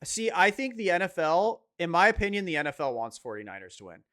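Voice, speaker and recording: A young man co-hosting a laid-back sports podcast, speaking a little higher than most men. He rants with lots of swearing, sometimes rising almost to a shout. The recording is dry and close, with no room sound. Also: fast talker, dry recording. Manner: animated, swearing, rising to near shouts when worked up. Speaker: podcast co-host. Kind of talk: casual sports chat.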